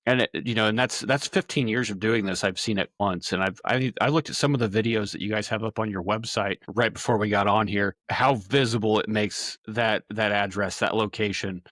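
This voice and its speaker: A man co-hosting a podcast, talking in a relaxed way and thinking aloud with restarts. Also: lowish voice, a little fast, few pauses, dry recording. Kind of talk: casual interview chat.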